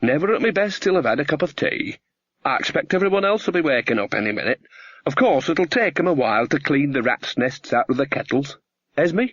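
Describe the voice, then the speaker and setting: A man's voice: fairly high pitch, very animated, brisk, fairly bright tone, breathy edge, no echo, lo-fi sound, exaggerated voice. A man voicing a cheerful, gossipy old country witch woman with homely talk. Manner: chatty, homely, country-folksy.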